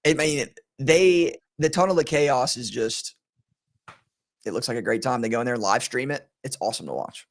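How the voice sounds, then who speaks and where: A man's voice: mid-range voice, moderate pace. A man hosting a sports betting podcast in casual chat, rambling and laughing often, his voice strained today.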